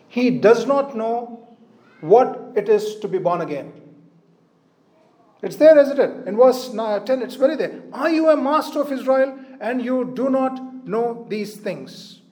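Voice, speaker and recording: High-voiced preacher man, mellow tone. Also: reverberant. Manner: asks "isn't it?" tag questions often; reads scripture aloud in a slow, measured way. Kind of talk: sermon with Bible reading.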